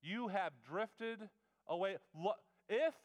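A man acting out a confident male prophet who challenges a king, with slow emphatic declarations, inside a sermon retelling. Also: sits high. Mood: bold challenging. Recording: long reverb of a large hall.

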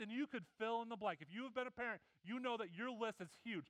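A middle-aged man preaching a sermon, telling animated family stories and acting out the voices of his kids and wife. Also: very high-pitched, quick pace, hardly any pauses, no echo, rough recording. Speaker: pastor.

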